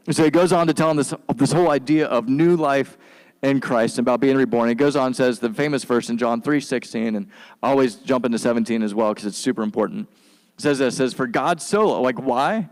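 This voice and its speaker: A man preaching a sermon as pastor, in a relaxed, slangy, conversational way, and he sometimes acts out quick lines for the people in his stories. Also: mid-range voice. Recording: long hall reverb.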